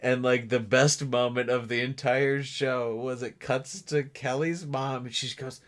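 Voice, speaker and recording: A young man co-hosting a podcast in casual chat, animated and acting out quotes in mimicking voices. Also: mid-range voice, a little slow. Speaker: podcast co-host.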